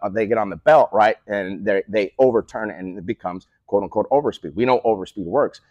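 A man's voice: on the low side, a little fast, dry recording, lo-fi sound. A man who co-owns a speed training facility, explaining training methods in a casual interview and checking in with "right?" after his points. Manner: peppers points with "right?" tag questions; animated, coach-like storytelling. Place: remote call.

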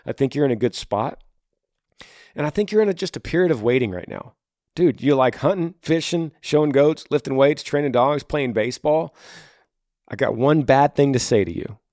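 A man hosting an advice show, talking straight to a young listener in a casual, animated way, acting out little conversations. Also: medium pitch, dry recording, clean studio sound. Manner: animated, acts out little dialogues, calls listener bro and man.

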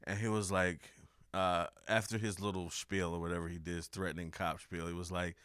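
A man's voice: deep voice, fairly quick, sharp tone, clear, resonant tone, no room sound, clean studio sound. A young man hosting a podcast in casual chat, rambling, swearing freely and laughing often. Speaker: podcast host.

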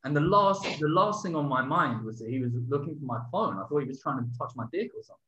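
Casual male co-host, rather high voice, animated storyteller, swears, dull lo-fi audio. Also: quick pace, slight background noise. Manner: animated, swearing, acts out quotes loudly. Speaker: podcast co-host. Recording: dull lo-fi sound.

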